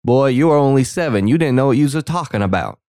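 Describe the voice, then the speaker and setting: A man briefly putting on the voice of a gruff Southern father scolding his son, in a mock-scolding way. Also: mid-range voice, lively intonation, quick pace, darkish tone, no echo, studio quality, pitched above the performer's own voice, close to an everyday voice.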